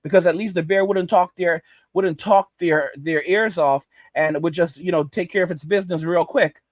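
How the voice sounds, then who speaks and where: A man rants in a slightly high, indignant voice, circling back over his own phrases. The sound is dry and close, with no room around it. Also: fairly even intonation, moderate pace, no echo. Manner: indignant, repetitive ranting. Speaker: commentary host. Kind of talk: ranting video commentary.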